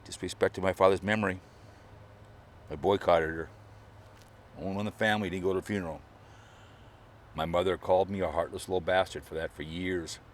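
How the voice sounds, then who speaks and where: A middle-aged man vlogging in a rambling, mocking way, his voice sitting fairly low. He drifts between offhand grudges and put-on grief, sometimes pushing up into a strained, high, fake-sobbing tone. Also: steady tone, brisk, long pauses, a little hiss or hum. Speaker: online video creator. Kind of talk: rambling mock eulogy vlog. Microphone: camera or phone mic, mic falls over.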